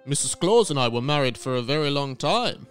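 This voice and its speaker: A man's voice: mid-range voice, animated, a little fast, faint music behind, natural voice. A man voicing a smug, callous old Santa Claus in an improvised comedy sketch. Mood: wistful. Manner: self-satisfied, dismissive, snaps insults.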